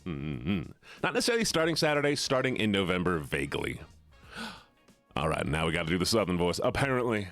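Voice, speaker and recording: Lively low-voiced male streamer. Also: brisk, no room sound, faint music behind. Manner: rambling, playful, chatty with viewers. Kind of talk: casual live-stream chat.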